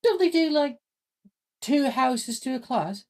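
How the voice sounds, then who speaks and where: The game master voicing an excitable young schoolgirl wizard student with a high, chirpy way of asking questions. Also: takes it slowly. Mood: curious.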